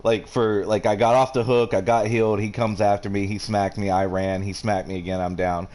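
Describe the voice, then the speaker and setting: A man's voice: on the low side, little pitch movement, fairly quick, a little mellow. A man chatting casually on a game stream, rambling and swearing freely. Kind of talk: casual chat while gaming.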